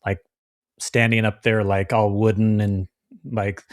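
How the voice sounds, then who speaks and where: A man's voice: fairly low pitch, little pitch movement, a little slow, no echo, studio quality. A man co-hosting a podcast in casual chat, chatty and acting out the voices of people he quotes. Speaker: podcast co-host.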